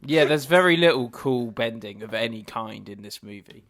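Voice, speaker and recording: A man's voice: mid-range voice, expressive, moderate pace, a bit bright. A man co-hosting a casual podcast, conversational as he agrees and asks questions. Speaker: podcast co-host.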